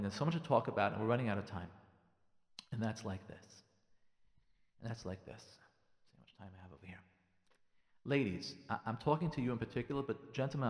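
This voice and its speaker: A man, a rabbi, giving marriage advice in a radio talk, animated and repeating lines for emphasis while acting out the dialogue he describes. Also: on the low side, big-room sound.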